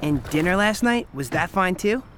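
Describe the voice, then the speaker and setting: An actress playing a blunt young-adult daughter who confronts her mother with sharp sarcasm in an audio drama. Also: fairly low pitch, animated, normal speed, a little hiss or hum. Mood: accusing.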